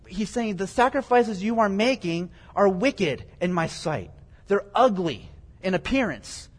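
A man's voice: high-pitched, animated, unhurried, breathy edge. A man giving a conversational Bible teaching, explaining scripture verse by verse in plain everyday words. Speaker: preacher. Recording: long reverb, echoey hall.

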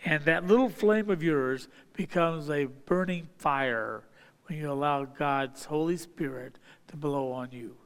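A man preaching a sermon from the pulpit, his slightly high voice ringing through a hall with a long reverb. He leans hard on repeated phrases, rising to forceful declarations and then dropping to hushed, intimate lines. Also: a little slow, clear, resonant tone. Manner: emphatic, repeats phrases for stress, swings from loud to hushed. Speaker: pastor.

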